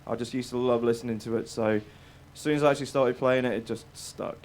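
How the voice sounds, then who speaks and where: A man's voice: medium pitch, fairly even intonation, fast talker, darkish tone, a little hiss or hum. A man, a guest musician, chatting casually about the songs he plays. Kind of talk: casual chat.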